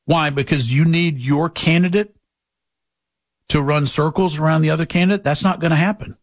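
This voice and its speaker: A man's voice: steady tone, normal speed. A man hosting a political talk show, delivering a blunt, lecturing monologue to his listeners. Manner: blunt, lecturing, mocks people in high put-on voices.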